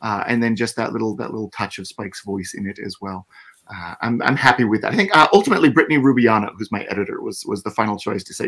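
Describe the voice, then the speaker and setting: Fast-talking man, chatty author. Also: fairly low pitch, a bit bright. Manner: quick, chatty, many restarts and fillers. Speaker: author guest. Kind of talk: casual interview chat.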